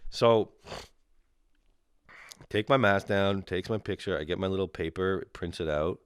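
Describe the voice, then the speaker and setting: A man's voice: low voice, a little slow, clean tone, dry recording, clean studio sound. A young man from Canada ranting casually and profanely, exasperated and mocking the people he describes. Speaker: comedian ranting solo. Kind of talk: casual comedic rant.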